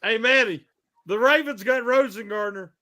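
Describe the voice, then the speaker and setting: A man's voice: very high voice, normal speed, bright, forceful tone. A man co-hosting a live draft show, laid-back with a drawl. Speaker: co-host. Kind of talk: casual live draft chat.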